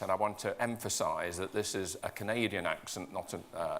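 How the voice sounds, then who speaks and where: A man's voice: deep voice, a little fast, few pauses, fairly bright tone. A man chairing a conference, introducing the next speaker with a light joke. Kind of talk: event introduction.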